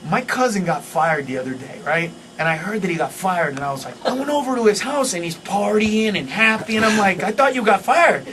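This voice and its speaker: A male comedian riffing as a guest on a radio morning show, shouting punchlines and laughing through his rants. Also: sits high, animated, brisk, few pauses, far from the mic. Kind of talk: loud stand-up style riffing. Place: radio studio.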